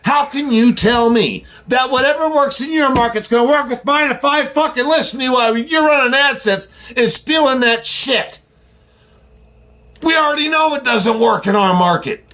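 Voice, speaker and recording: A man's voice: very high voice, animated, moderate pace, sharp tone. A man who drives deliveries, ranting to his viewers in a heated, profane, confrontational way. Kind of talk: heated rant to camera.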